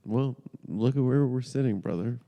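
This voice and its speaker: A man in his thirties co-hosting a casual comedy podcast, joking and quick to laugh. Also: mid-range voice, warm tone, long reverb tail. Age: 30s. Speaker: podcast co-host.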